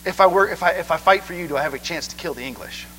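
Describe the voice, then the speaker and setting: A man's voice: a little high, racing, pushed and bright, long reverb tail, slight background noise, poor audio. A man doing a brash Irish rebel fighter. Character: Irish male rebel fighter, wild and bold.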